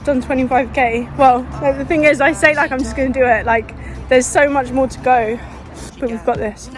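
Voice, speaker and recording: With faint music in the background, a woman records a casual running vlog on a street using a handheld phone. She speaks at normal speed in a high, steady voice, out of breath and dry-mouthed, earnest and rambling, restarting often as a fitness vlogger.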